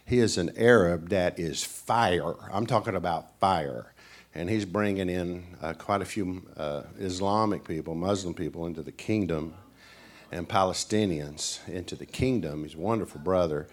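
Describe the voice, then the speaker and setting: A middle-aged man from Tennessee with a strong East Tennessee Southern accent, preaching as a visiting guest. He tells homespun stories to the congregation in a chatty, folksy way. When he acts out the people in his stories, his voice jumps up high. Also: moderate pace. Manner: animated storyteller who acts out characters. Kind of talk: folksy sermon storytelling.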